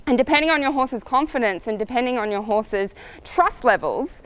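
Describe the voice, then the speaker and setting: Upbeat woman riding coach, clear voice. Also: on the high side, moderate pace. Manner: lively and upbeat, acts out voices, laughs easily. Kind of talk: coaching video monologue.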